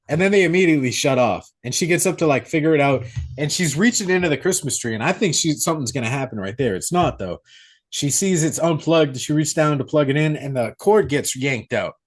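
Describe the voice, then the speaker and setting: A young man co-hosting a podcast, recapping a horror movie in a profane, animated way. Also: medium pitch. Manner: profane, animated storytelling with acted-out quotes. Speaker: podcast co-host. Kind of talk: casual movie recap chat.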